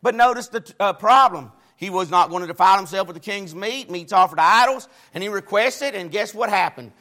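A man preaching a sermon, with a preaching cadence that swings from loud exclamations to quiet asides. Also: high-pitched, fairly quick.

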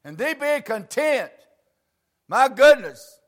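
An older preacher with a high-pitched voice delivers a folksy sermon. He swings between quiet, confiding asides and loud, shouting bursts. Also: sing-song, slow pace.

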